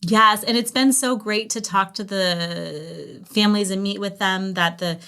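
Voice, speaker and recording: A middle-aged woman talking in a casual interview. She is an animated storyteller who jumps into voices when she quotes people, and her pitch sits in an ordinary middle range. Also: a little slow, smooth. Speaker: guest, founder of a language program.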